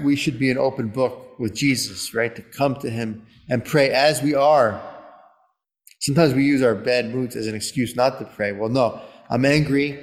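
A man preaching a sermon in an earnest, conversational way, turning at times to spoken prayer, probably a priest. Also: mid-range voice. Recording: long reverb of a church.

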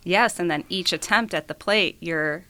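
A woman's voice: on the low side, moderate pace, bright, forceful tone. A woman co-hosting a casual chat, explaining her points in an earnest way. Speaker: podcast co-host.

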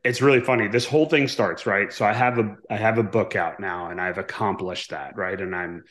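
A man's voice: fairly low pitch, fairly quick, a bit bright. A man in his forties, a guest author, telling a story in a casual interview, acting out quoted dialogue and often checking in with "right?". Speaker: guest, author and former navy pilot.

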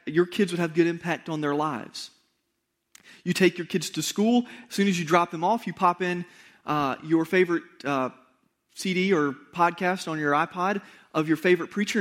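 A man with a notably high voice preaching to his congregation. He talks to them directly and conversationally, repeats key points for emphasis and throws in rhetorical questions. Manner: emphatic repetition. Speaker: pastor. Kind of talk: sermon.

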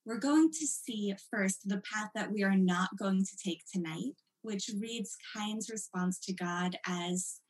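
A woman leads a text study lesson, explaining each passage with emphasis. Her delivery is animated and explanatory, with a mid-range pitch. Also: takes it slowly, hardly any pauses, rough recording. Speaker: teacher.

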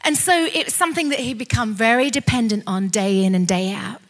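Woman, preacher, high voice, impassioned sermon delivery, swells into shouting. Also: a little fast, faint music behind. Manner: impassioned, rising to shouted declarations.

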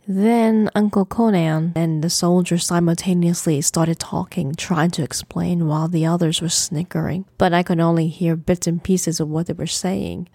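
Woman, storyteller, low voice, dry close sound, calm dry humor. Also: no echo. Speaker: author and narrator. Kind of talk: first-person story narration.

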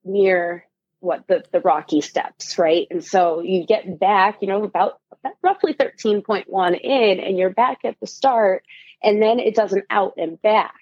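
Guest storyteller: husky-voiced woman, lively, acts out quotes, lo-fi dry recording. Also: mid-range voice, a little slow, no room sound. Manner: animated, laughing, acts out quotes. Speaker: guest runner. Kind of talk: casual storytelling.

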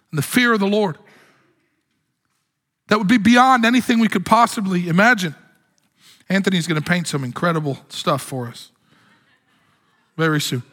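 A man's voice: sits high, sharp tone. A man preaching a sermon as pastor, with impassioned delivery that climbs to exclamations. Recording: long hall reverb.

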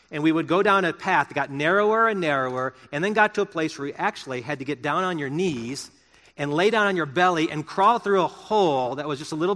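A man's voice: on the high side, sharp tone, big-room sound. A middle-aged male pastor preaching a sermon in an earnest, conversational way, asking his listeners rhetorical questions.

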